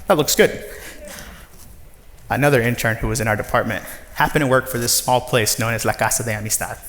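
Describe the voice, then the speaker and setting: A man's voice: medium pitch, a little fast, a little hiss or hum. Man telling his story in a big hall. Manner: lively storyteller, acts out voices of others. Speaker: nonprofit director giving a talk. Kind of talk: personal storytelling talk. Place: large former factory floor before an audience. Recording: long reverb of a large hall.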